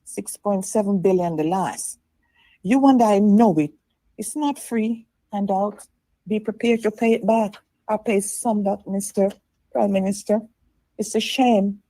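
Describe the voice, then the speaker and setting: A woman's voice: mid-range voice, a little slow, creaky, warm tone, dry recording, rough recording. A woman calling in to a talk show, indignant and scolding. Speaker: caller. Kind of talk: phoned-in call to a talk show.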